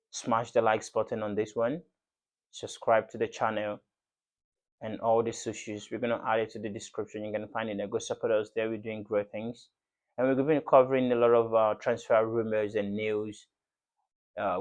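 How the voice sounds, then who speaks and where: A man's voice: on the low side, level tone, normal speed. Passionate man ranting as a football fan. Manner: passionate, ranting, repetitive, slangy. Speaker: football fan channel host. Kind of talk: fan reaction rant to camera.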